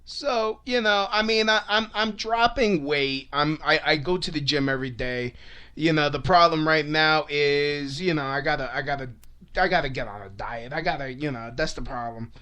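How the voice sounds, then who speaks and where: A man's voice: fairly high pitch, moderate pace, pushed and bright, smooth. A young man ranting to camera in a rambling, swear-filled, comic style. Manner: rambling, swears often, frequent restarts and laughs. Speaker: vlogger. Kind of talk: profane comedic rant.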